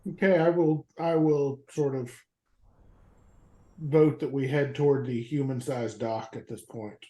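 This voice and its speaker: A man playing in a tabletop game, speaking in a hesitant, deliberate way. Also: medium pitch, steady tone, mellow. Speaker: player. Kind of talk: casual game talk. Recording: roomy sound.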